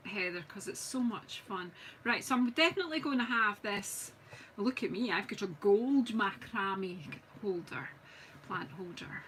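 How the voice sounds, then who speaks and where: A woman's voice: mid-range voice, pushed and bright, slight background noise, low-quality recording. A middle-aged Scottish woman chatting casually as she demonstrates card making on a live stream, talking to viewers while she works and teasing herself. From Scotland. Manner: chatty, self-mocking, talks while working. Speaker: craft demonstrator. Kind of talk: live-streamed crafting chat.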